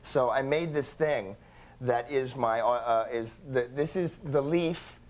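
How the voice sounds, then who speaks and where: A young adult man, an actor guest on a talk show, telling stories in a casual, animated way and acting out the voices in them. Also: medium pitch, unhurried. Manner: animated storyteller, acting out voices in his anecdotes.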